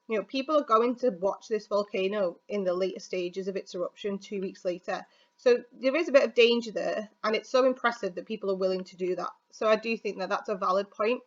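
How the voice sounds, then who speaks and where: A woman from the UK who teaches English, talking through an exam answer in a chatty, informal recorded video lesson. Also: mid-range voice. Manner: chatty, informal, thinks aloud with fillers. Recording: slightly dull, lo-fi audio.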